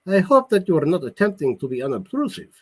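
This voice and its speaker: A man reading his novel aloud, voicing a sharp-witted, pointed young woman doctor, his husky voice pitched well up. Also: huge pitch swings, heavily acted. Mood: amused. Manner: quick, pointed, lightly mocking.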